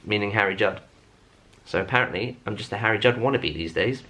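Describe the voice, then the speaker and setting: A man's voice: on the low side, a little fast, sharp tone. A man in his thirties chatting to camera at home, rambling and self-mocking with lots of fillers. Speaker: vlogger. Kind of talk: casual chat to camera.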